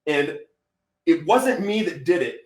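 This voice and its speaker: A man telling his life story as a podcast guest, animated, acting out quotes and saying "bro" a lot. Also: on the high side, a little slow, roomy sound. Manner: animated, acts out quotes, says "bro" often. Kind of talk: storytelling testimony.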